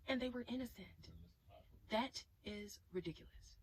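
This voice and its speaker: Woman vlogger, kinda high voice, going off to the camera about a movie, says y'all a lot. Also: brisk, a bit bright, no echo, low-quality recording. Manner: emphatic, talks straight to viewers as "y'all". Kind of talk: casual direct-to-camera movie reaction.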